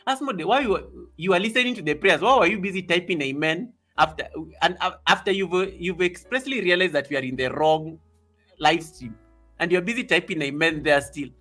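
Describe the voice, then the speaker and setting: A man hosting a casual live stream, excitable and reading viewer comments aloud. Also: high voice.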